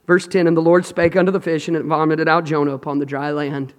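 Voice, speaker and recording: Man, preacher, high voice, impassioned sermon, swings between shouting and hushing, dramatic scripture reading, long hall echo. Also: brisk. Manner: reads scripture aloud in dramatic bursts.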